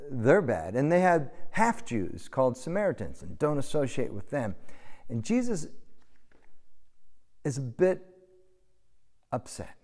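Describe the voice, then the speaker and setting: A middle-aged American man preaching a sermon and telling a story, in a conversational style. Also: mid-range voice. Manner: conversational storytelling, animated when shouting. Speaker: pastor. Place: church sanctuary. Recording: long hall reverb.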